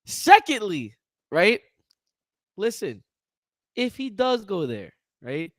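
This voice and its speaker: A young man with a high voice chats about sports in an animated, rambling way, tripping over his own sentences. He sounds dry and close to the mic. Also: slow, dry recording. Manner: animated, rambling, self-interrupting. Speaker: podcast co-host. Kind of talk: casual sports chat.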